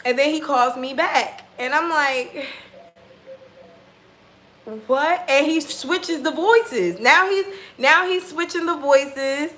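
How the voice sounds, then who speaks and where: A woman tarot reader telling a personal story in a casual vlog, animated and profane, acting out what people said. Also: high-pitched, takes it slowly, few pauses.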